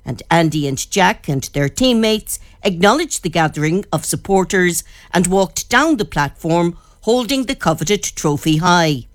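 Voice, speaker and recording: A woman's voice: on the low side, lively intonation, a little slow, hardly any pauses, dry recording. Woman news reporter, dry sound. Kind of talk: news report and interview questions.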